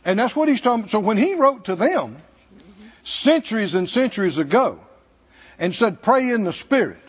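A man's voice: high-pitched, very animated, moderate pace, breathy edge, lo-fi sound. A man with a Southern American accent preaching a sermon in a church, folksy and humorous, chuckling between points. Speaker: pastor. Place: church sanctuary.

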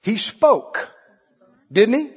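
A man's voice: extremely high pitch, very animated, very slow, breathy edge, big-room sound, lo-fi sound. A man preaching a sermon, firing repeated questions at his congregation. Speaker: pastor.

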